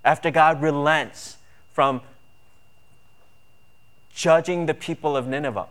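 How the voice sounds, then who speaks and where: Male pastor, sermon, earnest, emphatic, fairly high voice. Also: steady tone, slow, fairly bright tone. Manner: earnest, emphatic, rising to passion on key points.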